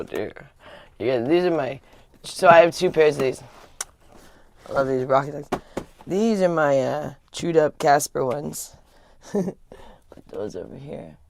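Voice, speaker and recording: A woman's voice: deep voice, vocal fry, a little hiss or hum. A woman hosting a live stream in casual chat, rambling and chatty with a lot of filler words. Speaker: livestream host.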